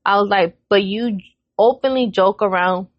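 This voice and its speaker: A woman's voice: medium pitch, moderate pace. A woman retells a fight at home, jumping into everyone's voices and cursing freely. Her voice sits mid-range. The sound is muffled and lo-fi but close, with no room echo. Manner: animated retelling with quoted voices, frequent swearing. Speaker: podcast co-host. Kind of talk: casual storytelling chat.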